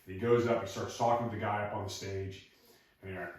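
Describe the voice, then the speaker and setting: A male podcast host chats in a relaxed, storytelling way and is quick to laugh. His voice is low and heard from slightly off the mic. Strong room echo hangs on every word. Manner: laid-back storyteller, laughs easily. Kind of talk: casual interview conversation. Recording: echoey room, far from the mic.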